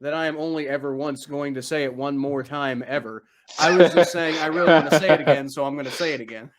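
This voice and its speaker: A young man hosting a casual sports podcast, talking excitedly and rambling with many restarts. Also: a little high, fast, over a noisy crowd. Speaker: podcast host.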